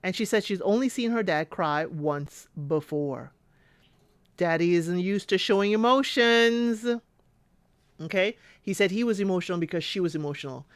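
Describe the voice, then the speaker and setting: Casual woman host, chatty and animated, acting out the quotes, dry close sound. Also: lowish voice, moderate pace, no echo. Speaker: recap vlogger. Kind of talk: casual episode recap.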